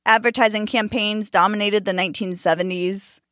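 A woman narrating a scripted story in a calm, measured and expressive way. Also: medium pitch, no room sound, clean studio sound.

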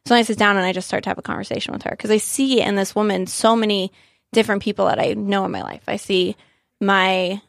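An earnest woman in her thirties recounts a moving encounter, slipping into the voices of the people she met. Her voice has a gravelly fry, and the recording is dry and close, with no room sound. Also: medium pitch, little pitch movement, fast talker, no echo. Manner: earnest, emotional retelling with quoted dialogue. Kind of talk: casual storytelling chat.

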